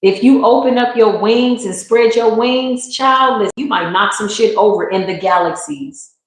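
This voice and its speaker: A woman's voice: a little high, moderate pace. A woman giving a live spiritual tarot reading in a slangy, emphatic, preacherly way. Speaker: tarot reader. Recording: very echoey room.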